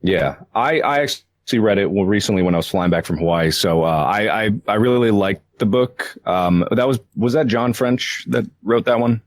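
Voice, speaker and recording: A man with a lowish voice, speaking as a guest in casual podcast chat. His sound is dry and close, and his delivery is easygoing. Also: moderate pace, few pauses, no echo.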